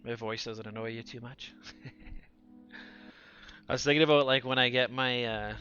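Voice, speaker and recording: A talkative man in his forties chatting his way through a live stream, laughing often and never pausing for long. His voice is bright and forceful and sounds younger than he is, with the odd crack. The audio is a little dull, with faint music behind him. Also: medium pitch, steady tone. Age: 40s. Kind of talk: casual live-stream chat.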